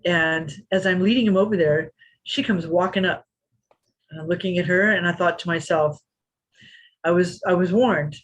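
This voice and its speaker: A woman in her fifties, a former kickboxing champion, telling animated stories as a podcast guest and acting out what people said. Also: fairly low pitch, breathy edge, rough recording. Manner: animated, acts out quotes. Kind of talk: storytelling in a podcast interview.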